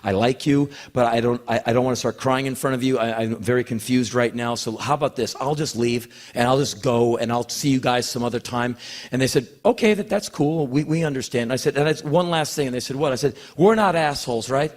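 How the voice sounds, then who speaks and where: A man's voice: medium pitch, brisk. A man telling a long personal story on stage, acting out the voices of the people in it and often stumbling over his words. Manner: animated, acts out quoted voices; rambling, repeats words when emotional. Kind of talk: spoken word storytelling.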